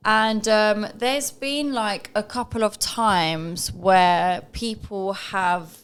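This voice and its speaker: A woman's voice: mid-range voice, fairly even intonation, drawn-out words, a bit bright, clean tone. A young adult woman co-hosting a casual podcast chat, talking in a chatty way about messages she gets. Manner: chatty, with frequent fillers and restarts. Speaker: podcast co-host.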